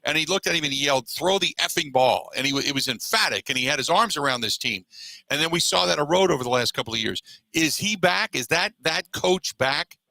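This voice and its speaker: A man's voice: fairly high pitch, animated, fast, creaky, bright, forceful tone, no room sound, rough recording. A man hosting a sports talk radio show, reading a sponsor spot and asking a guest long questions. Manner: reads ad copy then asks long questions.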